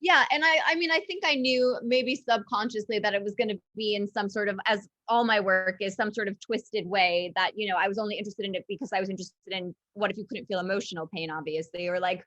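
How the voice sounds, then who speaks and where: A woman's voice: mid-range voice, steady tone, fast talker, hardly any pauses, fairly bright tone, dry recording, low-quality recording. A woman writer being interviewed, talking in a loose, rambling way with frequent fillers and light teasing. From United States. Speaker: author guest. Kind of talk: casual interview chat.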